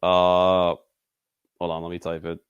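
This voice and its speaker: A man's voice: deep voice, monotone, measured pace, clean tone, no room sound, dull audio. A man in casual conversation, talking loosely with lots of fillers and frequent laughs. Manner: loose and rambling, heavy on fillers, laughs often. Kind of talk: casual chat.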